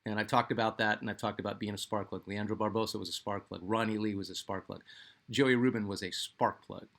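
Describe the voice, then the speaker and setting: A man's voice: fairly low pitch, fairly even intonation, fairly quick, vocal fry, fairly bright tone. A middle-aged man from Phoenix, hosting a sports channel and telling a personal story in a rambling, conversational way full of fillers. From Phoenix, Arizona, US.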